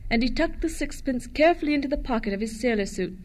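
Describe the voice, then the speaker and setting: A woman reading a storybook aloud to children in a gentle, expressive way. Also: high-pitched, quick pace, slight background noise.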